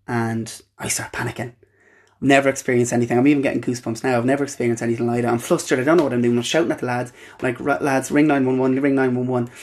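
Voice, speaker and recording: A young Irish man hosting a podcast, telling a personal story in an earnest, halting way with frequent restarts. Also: medium pitch. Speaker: podcast host.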